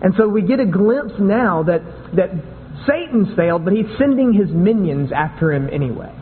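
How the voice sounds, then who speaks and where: A man's voice: high-pitched, lively intonation, moderate pace, a little hiss or hum. A man preaching a sermon in a conversational way, often repeating and restarting words. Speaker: pastor. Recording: tinny phone-like sound with long hall echo.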